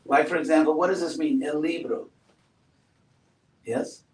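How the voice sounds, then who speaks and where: A man giving a relaxed classroom talk, asking his students questions and adding playful asides. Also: fairly high pitch, a little slow. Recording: roomy echo, far from mic, faint noise.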